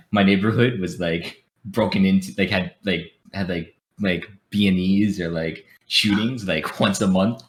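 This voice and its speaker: A man's voice: sits low, unhurried. A young man talking casually on a podcast, telling stories with a lot of laughter and acting out the people he quotes. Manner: laughs often, acts out quoted friends. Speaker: podcast host.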